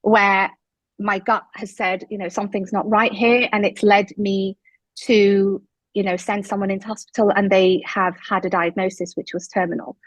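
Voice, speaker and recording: A woman in her thirties shares her story as an interview guest, at a middle pitch for a woman. She grows emphatic and animated when she acts out what people said. The recording is dry, with no room sound. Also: normal speed, no room sound, low-quality recording. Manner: animated, emphatic retelling with quoted dialogue.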